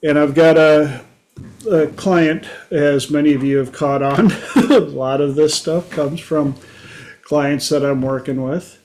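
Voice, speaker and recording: A man hosting his own talk show, telling stories in a folksy, unhurried way. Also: fairly high pitch, fairly even intonation, a little mellow. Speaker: podcast host. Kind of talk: casual monologue.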